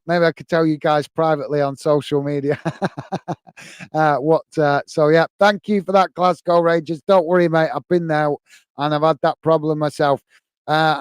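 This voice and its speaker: His voice is fairly high, clear, and resonant, with no room sound at all. He's a British football channel host reading the chat on a live fan stream, chatting easily and thanking viewers for their comments.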